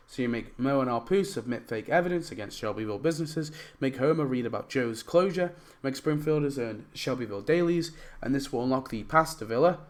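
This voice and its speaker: Hoarse young man rambling about a game. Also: medium pitch. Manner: rambling, many fillers. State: losing his voice. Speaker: YouTuber pitching game ideas. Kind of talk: casual commentary over gameplay.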